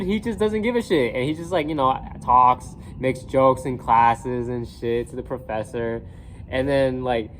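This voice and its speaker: A young man, a college student, telling a rambling story in a casual vlog, full of slang, swearing and fillers, and acting out his classmates' voices. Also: a little hiss or hum. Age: young adult. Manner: acts out classmates' voices with pitch jumps.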